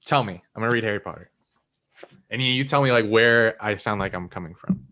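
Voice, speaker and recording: A man's voice: fairly low pitch, brisk, sharp tone. Joking American man, casual chat. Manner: joking, playful banter. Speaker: podcast host.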